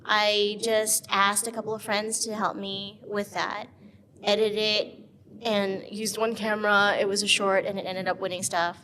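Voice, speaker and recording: A woman's voice: mid-range voice, a little slow, a crowd in the background. A woman guest in an interview, chatting casually and animatedly, laughing often and filling her talk with "like" and "um". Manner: animated, laughing, lots of fillers like "like" and "um". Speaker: guest, actress and filmmaker.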